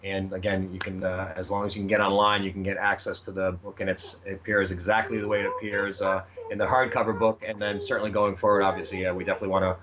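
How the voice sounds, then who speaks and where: A man's voice: sits low, flat delivery, fast talker, hardly any pauses, a crowd in the background. A man answering interview questions about his children's book, hesitant, with many fillers and restarts. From United States. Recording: slightly muffled with faint noise.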